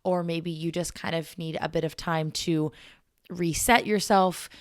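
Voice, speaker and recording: A woman's voice: on the low side, steady tone, a little slow, clean tone, no echo, clean studio sound. Chatty young woman hosting a podcast. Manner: chatty and giggly, rambling with fillers. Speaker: podcast host. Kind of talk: casual solo podcast chat. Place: small makeshift home studio.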